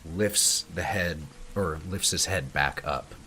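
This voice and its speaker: A man narrating a tabletop horror game as its game master, describing scenes slowly and in detail. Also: low voice, pushed and bright, slight background noise.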